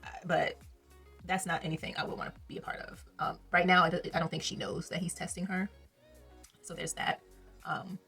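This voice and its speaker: A woman's voice: on the low side, creaky, fairly bright tone. A woman giving a blunt, sassy, exasperated commentary as she reviews a reality TV episode in a casual vlog.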